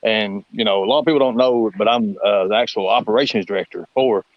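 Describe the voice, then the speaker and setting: A man's voice: on the low side, quick pace, muffled recording, a little hiss or hum. A man with a Southern US accent, chatting as a guest on a live stream, rambling and emphatic with lots of fillers. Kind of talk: casual live-stream chat.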